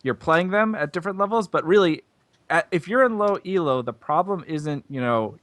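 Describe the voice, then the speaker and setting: A man's voice: a little high, lively intonation, normal speed, a bit bright, dry recording. A man co-hosting a gaming podcast, earnest and explanatory. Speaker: podcast co-host. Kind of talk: casual chat.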